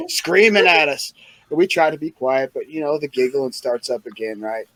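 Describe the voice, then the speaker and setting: A higher-pitched man from Missouri spins crude, profane childhood stories in a loose podcast chat, often laughing as he goes. The recording is dry and close, with no room to it. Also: moderate pace, no echo. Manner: laughing, profane, animated storytelling. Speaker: podcast co-host. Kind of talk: casual storytelling chat.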